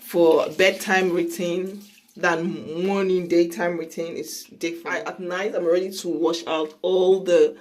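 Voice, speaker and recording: A woman from Sierra Leone talks through her home beauty routine in a relaxed, chatty vlog. Her voice sits a little low and she takes her time, unhurried and drawn out. She pokes fun at herself as she goes. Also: poor audio. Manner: chatty, self-mocking, breaks into laughs and groans. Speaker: beauty vlogger. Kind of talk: casual chat.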